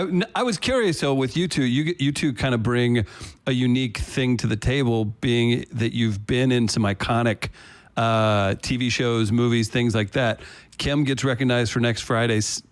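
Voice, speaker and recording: A man in his thirties asking the guests questions in a casual comedy podcast, with dry, measured interjections. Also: medium pitch. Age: 30s.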